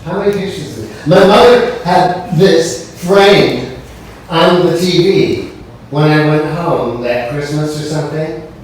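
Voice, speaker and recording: A man, a stage performer, telling anecdotes in a relaxed, animated way and acting out the people in them. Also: on the high side, unhurried. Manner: animated storyteller, acts out dialogue and sings snatches. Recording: roomy echo, distant mic, faint background hiss.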